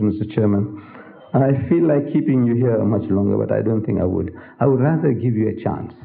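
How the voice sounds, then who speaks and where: Animated older man lecturing, tinny recording. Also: medium pitch. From South Africa. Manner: animated, theatrical, with rhetorical questions and acted-out dialogue. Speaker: guest lecturer. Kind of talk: public religious lecture. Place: large lecture hall with an audience.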